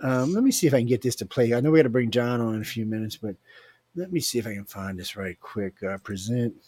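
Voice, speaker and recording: Blunt talk-show host, male, animated, recorded close with no room sound. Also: mid-range voice, fast talker, slightly rough, dry recording. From Southern US. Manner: animated, blunt, swings loud and soft. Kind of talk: casual talk show chat.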